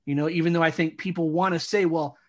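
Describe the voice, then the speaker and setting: A man with a somewhat high voice co-hosts a casual interview podcast. He reflects aloud, often restarting his sentences as he works through his thoughts. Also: fairly even intonation. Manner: reflective, halting, many restarts. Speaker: podcast co-host.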